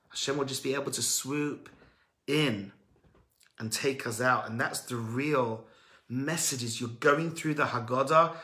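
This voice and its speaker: A man giving an emphatic sermon-style teaching talk as a religious speaker and coach, swinging between loud urging and quiet earnest tones. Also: medium pitch, echoey room.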